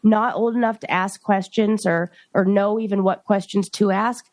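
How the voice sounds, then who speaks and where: A woman co-hosting a podcast in casual chat, talking quickly through stories with many restarts and asides. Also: mid-range voice, steady tone, darkish tone. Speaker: podcast co-host.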